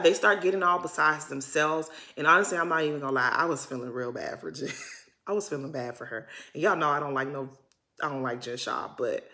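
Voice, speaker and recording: A woman giving a casual reality-TV recap, chatty and slangy, swinging between loud emphasis and muttered asides. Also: deep voice, brisk. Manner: chatty, slangy and dramatic, addressing viewers as "y'all". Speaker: recap vlogger.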